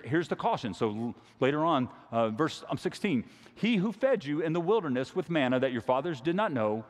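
Male pastor, folksy, halting and conversational, mid-pitched, preaching in an echoing hall. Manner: conversational, repeats words, folksy. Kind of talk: sermon.

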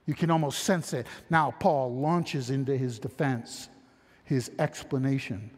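A man's voice: mid-range voice, unhurried, darkish tone, long reverb tail. A man preaching an expository sermon in a conversational, earnest manner, reading scripture aloud, asking rhetorical questions and voicing imagined objectors. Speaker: pastor.

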